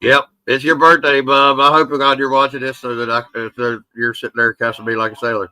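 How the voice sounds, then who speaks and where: Bright, rambling man chatting on stream. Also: mid-range voice, flat delivery, quick pace, clean tone, no room sound, poor audio. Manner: rambling, joking, salty teasing. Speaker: livestream host. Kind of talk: casual livestream chat.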